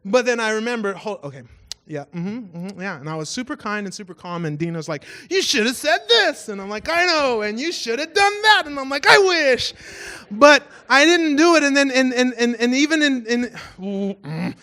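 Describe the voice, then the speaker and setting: A man pastor giving a casual storytelling sermon, animated and self-mocking, acting out voices in his stories. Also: extremely high pitch, normal speed.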